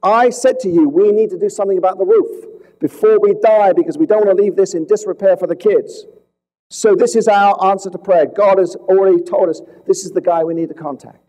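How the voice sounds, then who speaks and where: A man's voice: high-pitched, fairly quick, warm tone, in a large hall, natural voice, low-quality recording. A man voicing an eager elderly churchgoing wife. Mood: excited.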